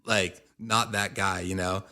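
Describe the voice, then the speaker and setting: A man, a band member, telling a story in a lively, offhand way. His tone is bright and forward, and he acts out the quotes as he goes. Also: low-pitched, a little slow. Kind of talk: casual storytelling.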